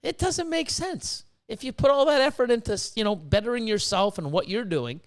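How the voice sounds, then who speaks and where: A man with a high voice that jumps all over the place hosts a casual podcast chat. He rambles and swears freely, telling stories with a lot of energy. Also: fairly quick. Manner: profane, rambling, animated storytelling. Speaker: podcast host.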